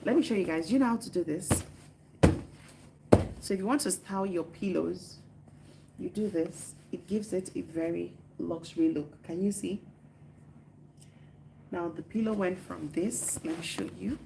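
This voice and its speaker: Chatty Nigerian woman with a gravelly voice. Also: lowish voice, normal speed, pauses often, very noisy. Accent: Nigerian English. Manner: chatty and teasing, reads comments aloud and answers them. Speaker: live streamer. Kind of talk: casual live-stream chat reading viewer comments. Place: her living room at home.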